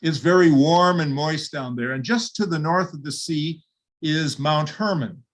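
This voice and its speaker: An older man preaching a sermon with a slightly high voice. He tells the Bible story vividly and steps into its people as he goes. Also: fairly bright tone. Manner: vivid retelling with acted quotes.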